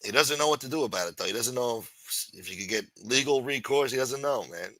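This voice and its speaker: A man's voice: medium pitch, animated, fairly quick, pushed and bright, no room sound, low-quality recording. Profane, sarcastic ranting man. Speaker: livestream host. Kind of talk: ranting livestream commentary.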